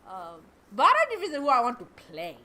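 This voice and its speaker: Chatty woman streamer with lively pitch. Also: brisk. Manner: rambling, chatty, laughs often, swears casually. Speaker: VTuber streamer hosting a fundraiser. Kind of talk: casual live-stream chat while gaming. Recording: game music playing clearly behind.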